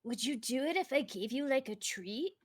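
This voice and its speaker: A woman's voice: high-pitched, expressive, normal speed. A woman voicing an easygoing adventurer who talks in surfer slang. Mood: coaxing. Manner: laid-back surfer slang.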